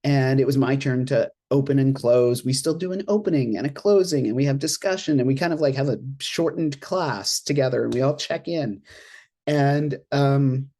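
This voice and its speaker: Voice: medium pitch, moderate pace. An interfaith minister speaks on a panel from home over a video call. The delivery is casual and chatty, with frequent laughs and little acted-out asides. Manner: chatty and expressive, laughs often, acts out reactions in quoted asides. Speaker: interfaith minister and board treasurer on an alumni panel. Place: at home in an apartment.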